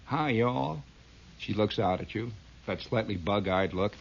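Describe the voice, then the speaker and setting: Male comic monologuist, rambling and animated, husky, on dull lo-fi old tape. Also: lowish voice, moderate pace. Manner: rambling, laughing at his own tale. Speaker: comedian.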